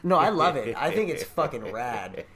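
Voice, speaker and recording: A man's voice: on the high side, very animated, moderate pace, fairly bright tone. A man co-hosting a podcast, talking casually and teasing crudely with plenty of swearing. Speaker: podcast co-host. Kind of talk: casual chat.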